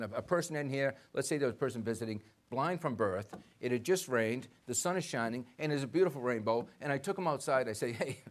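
Man, pastor, sermon in a church, animated, questions the congregation, mid-pitched voice. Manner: animated preaching, acts out quoted dialogue, questions the congregation. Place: church sanctuary.

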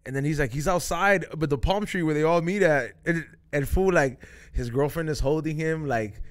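A man's voice: a little high, normal speed. A young man hosting a podcast, telling a loose, profane story in casual chat, full of slang and dropping Spanish phrases. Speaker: podcast host.

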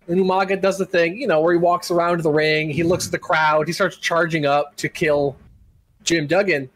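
On a laid-back podcast, a male co-host tells the story of a wrestling show with lots of energy, frequently laughing and yelling out impressions. His voice sits high, and the dry recording is low in quality.

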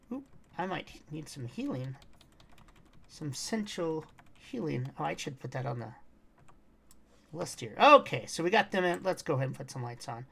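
Lively low-voiced woman narrating gameplay. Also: a little slow, vocal fry, long pauses, slightly rough. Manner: chatty, talks to her pet and chat, hums and sings snatches. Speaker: streamer playing a game. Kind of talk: casual game walkthrough commentary.

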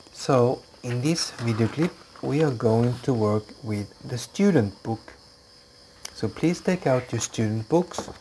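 A man teaching English to young children, explaining slowly and patiently. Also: medium pitch, warm tone, slight background noise. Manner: slow, clear, patient explaining. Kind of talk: slow classroom instruction for children.

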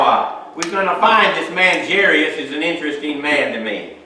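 A pastor preaching in a church sanctuary, his bright, forceful voice bouncing off the walls. He is recorded from some distance, so the room's echo is strong around every phrase. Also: on the high side, expressive, normal speed, hardly any pauses, a little hiss or hum. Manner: reads scripture aloud, then preaches with frequent amens and hallelujahs. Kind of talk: sermon. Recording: echoey church hall, mic far off.

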